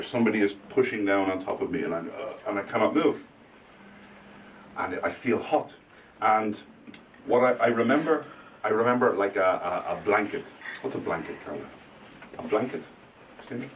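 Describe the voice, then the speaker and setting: A man telling a spooky story live to a classroom of language students, dramatic and dropping to a hush for suspense. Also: on the low side. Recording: distant mic, faint room noise.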